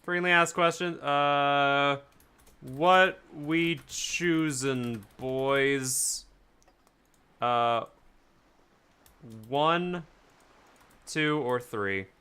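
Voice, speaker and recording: A man's voice: fairly high pitch, extremely slow, pauses often, bright, forceful tone, smooth. A man streaming a game with friends, playful and joking in casual group chat. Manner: playful, jokey, mispronounces words.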